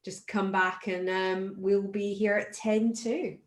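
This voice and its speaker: A woman co-hosts an online meetup in a relaxed, chatty way. Her voice sits at a middle pitch and has a roomy echo around it. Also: slow. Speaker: webinar co-host. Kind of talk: casual chat. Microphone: video call.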